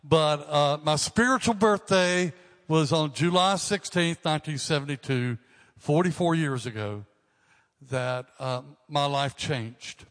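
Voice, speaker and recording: An older male pastor in his sixties talks to his congregation with a casual, joking manner. His voice sits a little high for a man, and it rings with the long reverb of a church hall. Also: a little slow, a bit bright. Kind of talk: sermon talk to a congregation.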